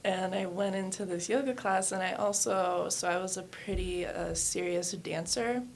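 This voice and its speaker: A woman's voice: mid-range voice, moderate pace, slight background noise. A woman in her thirties, a yoga studio owner, telling her life story candidly in a casual interview, with many fillers. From New Hampshire and West Virginia.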